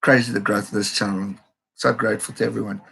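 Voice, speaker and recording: Gravelly excitable man hosting a live stream. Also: lowish voice, fast talker. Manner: excitable, reads viewer comments aloud. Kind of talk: live match reaction stream.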